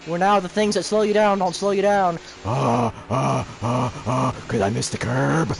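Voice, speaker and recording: A man's voice: fairly high pitch, fairly even intonation, moderate pace, creaky, hardly any pauses, a little hiss or hum. A young man streaming a racing game, ranting at other racers and repeating himself. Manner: repeats phrases over and over. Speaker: gaming streamer. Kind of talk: live gameplay commentary.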